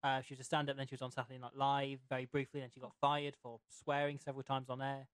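A man hosting a laid-back podcast conversation, talking in a middle pitch. He rambles and keeps rephrasing himself mid-sentence. His voice sits close and dry with no room sound. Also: monotone, fast, smooth, dry recording. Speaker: podcast host. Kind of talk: casual chat.

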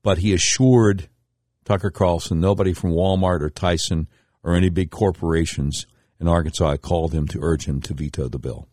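A man's voice: fairly even intonation, normal speed, no room sound, clean studio sound. A middle-aged man hosting a radio talk show, delivering a political commentary monologue in an emphatic, indignant way. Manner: emphatic, indignant storytelling with sharp pitch swings.

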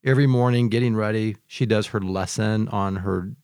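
A man from Michigan, hosting a casual conversation as a lively, joking storyteller. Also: on the low side, normal speed, clear, resonant tone, no echo, clean studio sound. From Michigan, United States. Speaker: podcast host.

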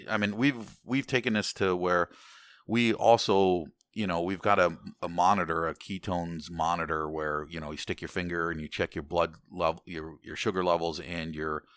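Deep-voiced rambling American man. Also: a bit bright, no room sound. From United States. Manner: rambling, many restarts, swears casually. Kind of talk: casual chat.

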